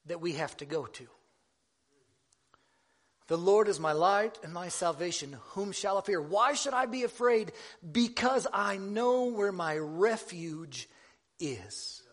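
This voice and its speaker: A man's voice: high voice, animated, takes it slowly, pauses often. A man giving a sermon in a conversational, self-deprecating way, often restarting his sentences. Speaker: preacher.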